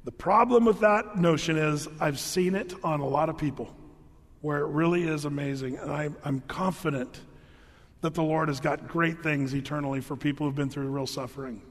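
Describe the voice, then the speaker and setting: A middle-aged man preaches a sermon in a loose, storytelling way, often starting his sentences over. His voice sits high for a man. The sound carries the long reverb of a large church hall. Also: moderate pace. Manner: conversational storytelling with many restarts. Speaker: pastor.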